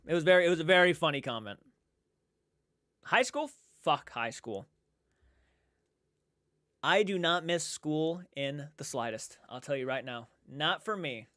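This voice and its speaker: A man's voice: fairly high pitch, expressive, unhurried, pauses often, sharp tone, no echo, studio quality. A man livestreaming from home, chatting casually and rambling, repeating himself and reading chat aloud. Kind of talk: casual live-stream chat.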